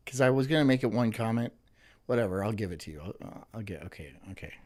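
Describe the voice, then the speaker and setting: A man's voice: lowish voice, lively intonation, fast talker, a little mellow. A man hosting a live stream, reading out viewer messages, stumbling, restarting and cursing in exasperated banter. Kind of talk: casual live-stream chat.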